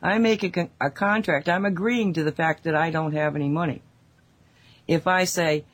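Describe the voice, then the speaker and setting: A woman co-hosting a casual spiritual talk show, telling stories in a rambling, animated way with many asides, speaking over an online call mic. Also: fairly low pitch, normal speed. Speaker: radio show co-host.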